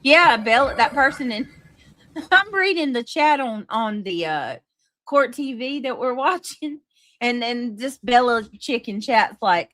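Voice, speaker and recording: A woman's voice: a little high, expressive, measured pace, a bit bright, no echo. A woman hosting a live stream, chatting casually and reacting aloud as she reads chat messages and texts. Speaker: livestream host.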